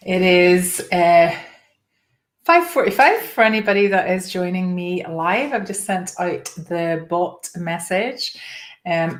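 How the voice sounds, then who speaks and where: A woman hosting a live stream, chatting casually and rambling a little, her throat slightly strained. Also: lowish voice. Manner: chatty, rambling, greets viewers by name. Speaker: host.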